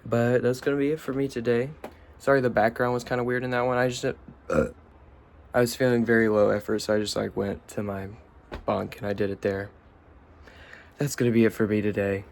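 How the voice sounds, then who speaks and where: A young man vlogs from his bunk bed indoors, rambling casually in a laid-back, slangy way. His voice is medium-pitched with vocal fry, and he talks flatly and fairly quickly. A little hiss or hum sits in the background.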